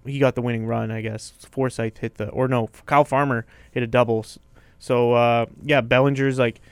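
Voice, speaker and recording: A man's voice: medium pitch, moderate pace, clean tone, dry recording. A man co-hosting a casual sports podcast, talking baseball and now and then breaking into joking mock voices. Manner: animated, breaks into mock New York voices. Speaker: podcast co-host.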